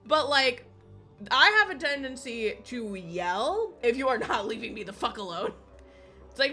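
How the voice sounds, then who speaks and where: A woman's voice: on the high side, sing-song, a little slow, pushed and bright, soft background music. A woman streamer chatting casually while gaming, swearing constantly and laughing often as she rants. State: recovering from illness.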